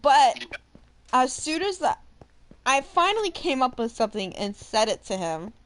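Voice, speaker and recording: A woman who works as a substitute teacher, telling a story in a casual, animated way and laughing through it. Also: sits high, normal speed, no room sound.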